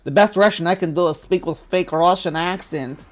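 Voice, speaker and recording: A man hosting a stream, making casual, joking asides while pausing a video, often trailing off into quiet mumbles. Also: high voice. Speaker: host reacting to a video. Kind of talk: casual commentary.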